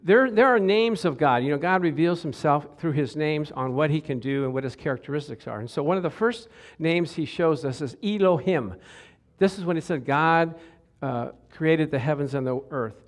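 A middle-aged male preacher with a slightly high voice delivers an easygoing sermon at a normal speed. He talks conversationally, keeps asking the congregation questions, and jokes and laughs along the way.

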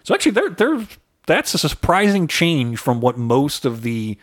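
With a slightly high voice and huge pitch swings, this Chicago-suburbs man talks at a moderate pace. A faint South Side accent colors his rambling podcast banter, where he rattles off facts and keeps correcting himself mid-sentence.

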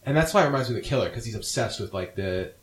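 A man's voice: mid-range voice, expressive, racing. Rambling man in a movie chat. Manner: rambling, many restarts and fillers. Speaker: podcast co-host. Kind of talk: casual movie review chat.

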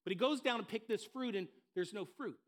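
A man's voice: high-pitched, a little fast, a bit bright. A man preaching a sermon at a church service, repeating phrases emphatically as he builds up. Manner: building to impassioned, emphatic repetition. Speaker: pastor.

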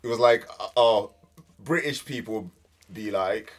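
A man's voice: lowish voice, a little slow. A man on a podcast telling jokey stories in a casual group chat, acting out other people's lines. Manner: joking storyteller, acts out quotes.

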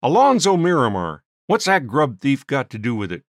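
A man voicing a gruff, domineering frontier miner acting as judge, speaking bossily. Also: medium pitch, huge pitch swings, normal speed, no echo, studio quality, voice pushed up. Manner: gruff, bossy.

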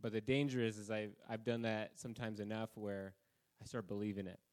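A man's voice: lowish voice, little pitch movement, brisk, darkish tone. Self-deprecating man preaching a casual sermon. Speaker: pastor. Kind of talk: conversational sermon.

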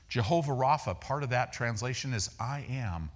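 A man preaching a sermon in a folksy, animated way, acting out the people in his stories and repeating words as he builds each point. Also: normal speed. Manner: animated, acts out dialogue with raised pitch. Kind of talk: sermon with storytelling.

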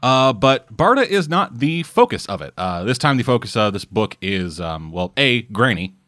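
A man's voice: medium pitch, very animated, moderate pace, fairly bright tone, no echo, studio quality. A man hosting a casual comic book podcast, rambling and swearing freely as he talks. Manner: profane, rambling, jokey. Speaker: podcast host.

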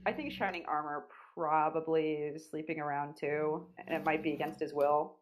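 Young woman with a low voice, teasing host. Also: steady tone, normal speed. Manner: giggly, teasing. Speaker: podcast host reading listener questions. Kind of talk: casual chat.

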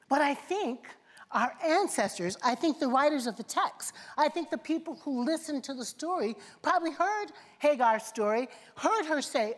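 Impassioned woman preaching in a reverberant hall. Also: on the high side. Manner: impassioned, rhetorical questions, repeated phrases. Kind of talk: sermon. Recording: long reverb of a large hall.

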